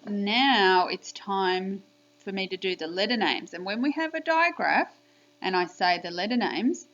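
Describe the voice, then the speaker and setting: A woman teaching a spelling lesson to young children on video, speaking slowly and clearly in an encouraging, sing-song teacher manner. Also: mid-range voice. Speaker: primary school teacher. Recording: dull lo-fi home video audio.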